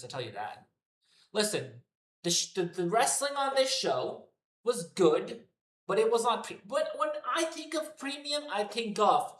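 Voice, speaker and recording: Male streamer, foul-mouthed rant, slightly high voice, roomy echo. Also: fairly bright tone. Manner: profane, ranting, repetitive. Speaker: wrestling commentary streamer. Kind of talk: unscripted rant to a live chat. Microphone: headphones on.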